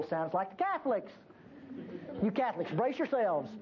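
Older woman preacher, lively sermon delivery, folksy and emphatic, dull lo-fi church recording. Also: normal speed. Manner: emphatic, folksy and teasing, with lively pitch swings.

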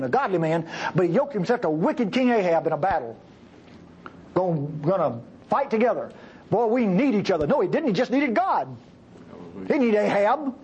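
A man preaching a sermon with passion, acting out the voices he quotes and jumping between high and low. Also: darkish tone, slight background noise.

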